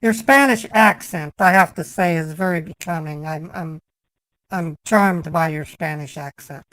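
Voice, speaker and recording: A man's voice: fairly high pitch, measured pace, fairly bright tone, clean tone, dry recording, rough recording. A man doing a fussy, chatty lady caller. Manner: chatty, nitpicking, mock-flirtatious. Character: fussy, prim 36-year-old woman customer. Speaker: scambaiter. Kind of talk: prank phone call role-play.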